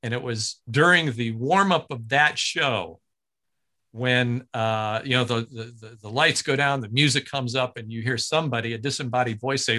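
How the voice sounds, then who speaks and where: Guy from ohio telling a story, real bright sound, throws himself into every voice he quotes. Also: mid-range voice, moderate pace. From Ohio, USA. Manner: lively, acts out other people's lines in big voices. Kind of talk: animated storytelling in casual chat.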